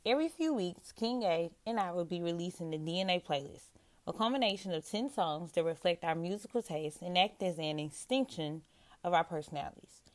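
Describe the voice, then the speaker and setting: Woman co-host, lowish voice, brisk scripted promo read. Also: animated. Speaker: podcast co-host.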